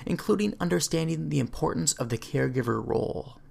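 A podcast host reading scripted narration between interview clips in an even delivery. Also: medium pitch, brisk, gravelly.

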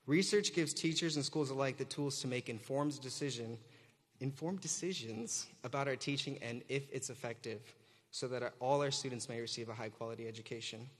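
A young man addresses a graduation ceremony from a podium, mixing teasing jokes with earnest thanks. His voice sits at an ordinary middle pitch. The sound carries the long reverb of a large hall. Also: a little fast. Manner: joking, warm and earnest, leads audience cheer. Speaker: graduating student teacher giving commencement speech. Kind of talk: commencement speech. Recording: reverberant auditorium.

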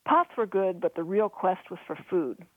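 A woman's voice: fairly low pitch, moderate pace, slightly rough, no room sound. Woman narrating a story over a thin line. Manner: steady storytelling, lively voices for dialogue. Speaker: author reading her own novel. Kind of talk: audiobook narration. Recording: dry, phone-like narrow sound.

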